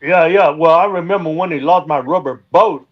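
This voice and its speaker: A man's voice: a little high, moderate pace, highs cut off. A man, a guest on a live stream, telling boat stories in a rambling way with many fillers. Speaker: guest, dredge boat owner. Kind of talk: casual storytelling.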